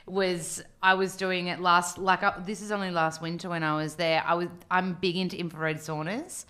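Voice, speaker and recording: Bright-voiced young Australian woman. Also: lowish voice, steady tone, normal speed. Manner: chatty, enthusiastic. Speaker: guest. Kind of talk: casual chat.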